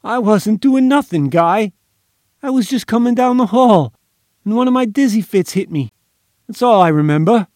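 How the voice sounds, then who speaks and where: A man's voice: fairly high pitch, normal speed, hardly any pauses, a little mellow, dry recording, clean studio sound, lightly acted. A man voicing a frightened small-time male crook who stammers and whines. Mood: fearful whine. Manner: whining, stammering, fearful.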